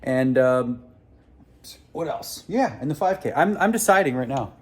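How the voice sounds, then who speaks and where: Speaking a little slowly in a slightly rough, medium-pitched voice with lively intonation, a man who plays poker vlogs from home, in the backyard and indoors. He's chatty and jokes as he goes, addresses his dogs, and a little wind and noise can be heard.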